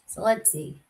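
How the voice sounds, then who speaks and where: A woman's voice: a little high, warm tone, poor audio. Rambling woman hosting a livestream. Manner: rambling, confiding, trails off mid-sentence. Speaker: true crime livestream host. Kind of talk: casual livestream chat.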